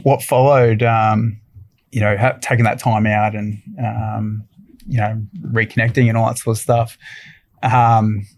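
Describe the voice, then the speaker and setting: A man's voice: on the low side, level tone, measured pace, no room sound. Australian male podcast guest, rambling and reflective, dry studio mic. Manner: rambling, lots of fillers, soft-spoken reflection. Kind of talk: casual conversational storytelling.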